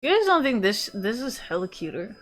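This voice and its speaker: Lively, profane young woman ranting. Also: fairly high pitch, a little fast. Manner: profane, exasperated ranting with repeated fillers. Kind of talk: casual chat while browsing online.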